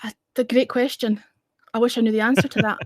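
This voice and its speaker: A woman's voice: a little high, steady tone, fast, no room sound, clean studio sound. A Scottish woman hosting a livestream, talking frankly and casually, swearing now and then. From Scotland. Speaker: livestream host. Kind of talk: casual chat. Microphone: streaming mic, close.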